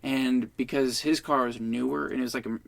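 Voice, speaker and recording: A man's voice: mid-range voice, steady tone, brisk, gravelly, no room sound. A man in his twenties, a podcast guest, telling a rambling, profane story in casual chat.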